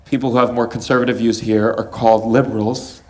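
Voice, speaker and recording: A man's voice: medium pitch, little pitch movement, background noise. American man doing stand-up in a roomy hall. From United States. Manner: stammering restarts, wry and quick. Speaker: stand-up comedian. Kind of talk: stand-up comedy set. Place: live comedy venue.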